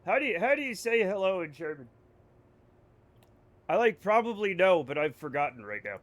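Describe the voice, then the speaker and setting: American man, high voice, jokey rambling livestream chat, talks to chat. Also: sing-song, moderate pace. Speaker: game streamer.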